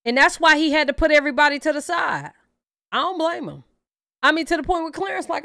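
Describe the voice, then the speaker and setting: A woman hosting a reaction channel, giving blunt, profane, animated opinions in casual commentary. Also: high-pitched, fast, vocal fry, dry recording, clean studio sound.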